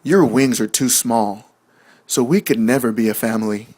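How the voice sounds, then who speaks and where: A haughty storybook butterfly lady turns someone away in slow, cool words, as a man puts her on. The voice sits a little low. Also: darkish tone, lightly acted. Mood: dismissive. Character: cold, dismissive female butterfly.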